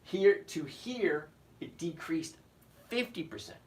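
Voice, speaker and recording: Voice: mid-range voice, very animated, takes it slowly, a little mellow. Blunt, emphatic trading instructor. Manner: emphatic, blunt, repeats key points; sarcastic asides to viewers. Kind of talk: live stock and options lesson reading chat.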